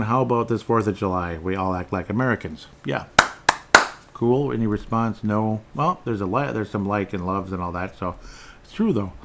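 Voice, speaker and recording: A man with a somewhat low voice talks through news items on his own show. He rambles, trips over his words and restarts, and drops dry, sarcastic remarks between points. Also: a little fast. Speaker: podcast host. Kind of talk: casual solo commentary on headlines and chat comments.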